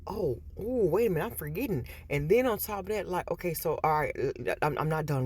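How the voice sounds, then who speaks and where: A woman's voice: lowish voice, expressive, brisk, hardly any pauses, a little mellow, slightly rough. A woman vlogger talking casually to her viewers, chatty and repetitive, retelling stories with quoted voices. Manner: chatty, repeats words, storytelling with quoted voices. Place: in a store.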